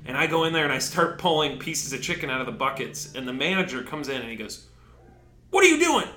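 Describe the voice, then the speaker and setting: Animated storyteller man, echoey room. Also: medium pitch, fast, faint music behind. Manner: animated storyteller, jumps between quiet asides and loud bursts. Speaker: podcast co-host. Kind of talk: casual comedic chat.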